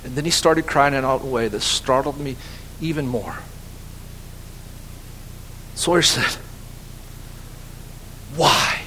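A man in his thirties preaching a sermon as a guest in a church, swinging from loud urging to a hushed appeal. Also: mid-range voice, fairly quick, slight background noise, low-quality recording.

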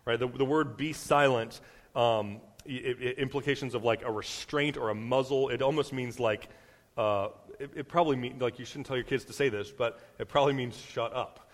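Casual young preacher in a reverberant hall. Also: male voice, medium pitch, a little fast. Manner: conversational, many fillers and restarts, acts out quotes. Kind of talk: casual sermon. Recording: long reverb of a large hall.

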